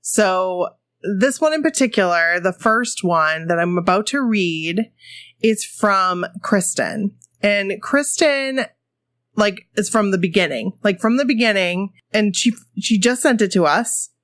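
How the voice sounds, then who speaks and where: A woman's voice: medium pitch, animated, unhurried, fairly bright tone, no room sound. A woman guest-hosting a casual podcast chat, emphatic and fond of repeating phrases. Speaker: guest host.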